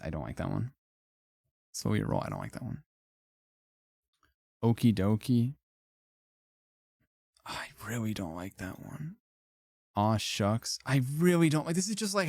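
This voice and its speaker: A man's voice: lowish voice, a little mellow, no room sound, studio quality. A young man streaming casual commentary, reacting offhand and wryly to phrases he ranks, with frequent swearing and laughter.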